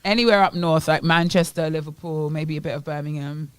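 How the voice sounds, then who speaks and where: A Bahamian woman co-hosting a morning radio show in casual chat, playful and wordy with quick asides. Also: low voice, fairly even intonation, smooth, no echo. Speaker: radio co-host. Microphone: studio microphone.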